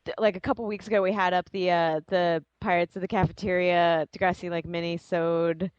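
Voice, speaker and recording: A woman's voice: lowish voice, flat delivery, a little fast, smooth, no echo, dull audio. A joking woman podcast co-host. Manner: joking, laughs often. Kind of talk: casual podcast interview.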